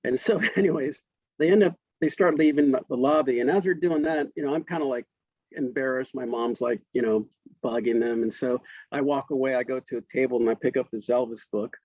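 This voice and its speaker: A man's voice: medium pitch, brisk, a little mellow, dry recording, dull audio. Chatty man telling an old story. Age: 50s. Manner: chatty, laughing, frequent restarts. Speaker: interview guest. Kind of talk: casual storytelling.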